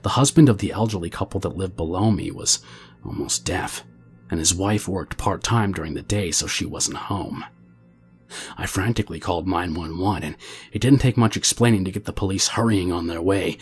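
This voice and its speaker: A man reading a true scary story aloud as the channel's narrator, in a steady, low-key way. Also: normal speed, faint music behind.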